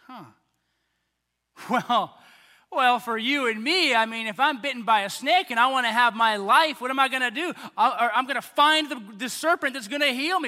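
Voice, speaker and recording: A man with a very high, bright voice preaches a sermon. He talks in a chatty, animated way. His voice rings out with the long reverb of a big hall. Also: moderate pace. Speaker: pastor.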